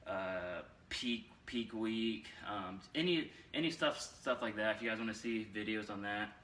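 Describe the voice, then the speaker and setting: A man's voice: lowish voice, a little slow, fairly bright tone, a little hiss or hum. Breathless young man coaching, roomy echo. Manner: rambling, repeats himself, many fillers. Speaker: fitness coach. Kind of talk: casual instructional vlog. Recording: roomy echo, mic far off.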